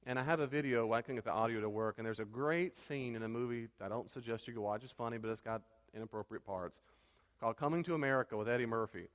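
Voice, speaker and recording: A pastor teaching a church class in a conversational, animated way. He now and then trips over his words. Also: mid-range voice, quick pace, long reverb tail.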